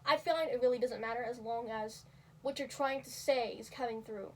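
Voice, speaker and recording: A woman's voice: on the high side, moderate pace, distant mic. A young woman casually explaining how to make cat sounds, rambling with lots of fillers and small laughs at herself. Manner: rambling, filler-heavy, self-deprecating. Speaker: video creator teaching cat vocals. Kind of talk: casual tutorial talk.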